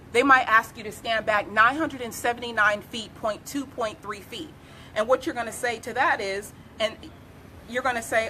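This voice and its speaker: Bright-voiced woman attorney giving advice. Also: on the high side, moderate pace, a little hiss or hum. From United States. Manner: emphatic, instructive, repeats key phrases. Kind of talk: live legal advice talk.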